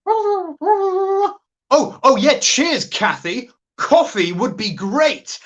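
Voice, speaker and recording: A woman's voice: fairly high pitch, big pitch swings, very slow, heavily acted. A woman playing a smug, sleazy male office boss in a comic monologue, boastful and flirtatious on a phone call. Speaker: sketch performer.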